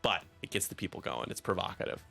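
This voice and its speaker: Guy casting a tabletop game on stream, lowish gravelly voice, jokey and self-deprecating, bright tone. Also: animated, fast, soft background music. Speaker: league commentator. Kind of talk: live stream game commentary.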